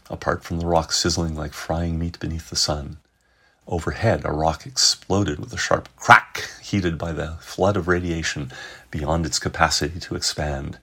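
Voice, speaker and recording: A man narrating a science fiction story in measured, dramatic storytelling. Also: a bass voice, pushed and bright, husky. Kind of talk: scripted narration.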